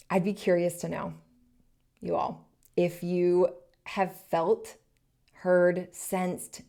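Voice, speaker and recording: A woman in her thirties hosting a solo podcast, earnest and encouraging, speaking in short soft phrases. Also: on the low side, gravelly. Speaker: podcast host.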